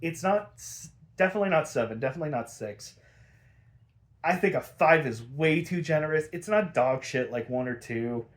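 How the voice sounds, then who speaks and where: A man with a slightly higher voice reviews an episode on his own in a loose, casual way. He rants in exasperation, swears freely and trips over plenty of fillers and restarts. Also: animated, normal speed. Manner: exasperated, swears often, ranting. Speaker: podcast host reviewing episodes.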